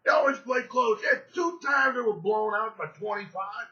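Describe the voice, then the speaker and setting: A man's voice: very high voice, expressive, moderate pace, pushed and bright. A man giving sports betting picks in a boastful, profane, swaggering monologue. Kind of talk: brash betting-pick monologue. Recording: dull lo-fi recording.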